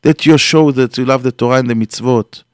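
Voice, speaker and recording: A man giving a Torah class as a rabbi, telling stories with lively acted quotes and grammar. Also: medium pitch, a little fast, no room sound, clean studio sound. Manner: animated storytelling with acted quotes, non-native English grammar.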